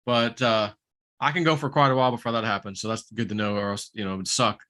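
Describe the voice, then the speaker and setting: Bright-voiced chatty middle-aged man. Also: fairly low pitch, fairly even intonation, fast talker. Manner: chatty storyteller, acts out his own past words. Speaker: host. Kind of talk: casual chat.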